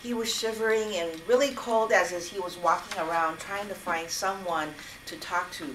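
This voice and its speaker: A woman improvising a gentle story at a club meeting, with small hesitations, recorded from a distance. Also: lowish voice, fairly even intonation, moderate pace. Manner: gentle, with fillers and restarts. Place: meeting room. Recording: echoey room, distant mic, noise.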